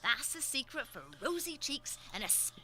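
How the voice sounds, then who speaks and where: A woman's voice: sits high, expressive, normal speed, bright, forceful tone, exaggerated voice, low-quality recording. A woman's synthetic voice playing a motherly, homely female innkeeper who dotes on her guests in a cosy, chatty way. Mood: doting. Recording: clear background noise.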